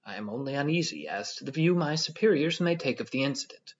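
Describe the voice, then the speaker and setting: Guy doing a smug calm clerk, lecturing, husky voice, dull lo-fi sound. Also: on the high side. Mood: pompous tranquil. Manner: measured, lecturing tone. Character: pompous male civil servant, calm and self-important. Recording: dull lo-fi audio.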